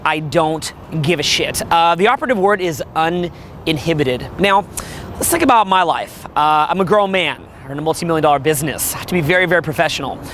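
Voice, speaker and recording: A middle-aged man with a worn, rough voice, giving a blunt, profane, animated coaching monologue about dating. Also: fairly high pitch, slight background noise. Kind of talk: motivational monologue.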